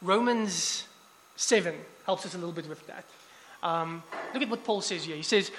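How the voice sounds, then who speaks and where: A male preacher giving a conversational sermon in a church hall, with frequent restarts and animated asides. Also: high voice, fairly quick. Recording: long hall reverb.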